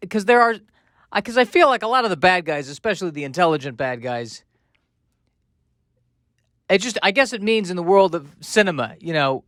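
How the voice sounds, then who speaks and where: A man's voice: high voice, a bit bright, no echo. A man hosting a podcast, rambling through comic, self-mocking asides in a casual monologue. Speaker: podcast host.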